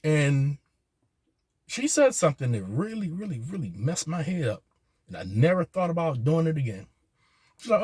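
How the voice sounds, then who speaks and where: A man, speaking earnestly in a halting personal monologue, often repeating his words. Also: on the high side, sing-song, darkish tone, breathy edge, no room sound. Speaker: vlogger.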